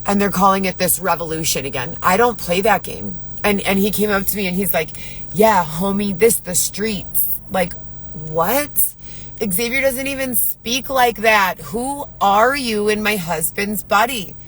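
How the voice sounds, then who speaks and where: A woman's voice: mid-range voice, expressive, moderate pace, fairly bright tone, a little hiss or hum, low-quality recording. A woman talking to camera in her car, rambling in an agitated, profane way as she vents to her viewers. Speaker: vlogger. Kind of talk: venting monologue to camera.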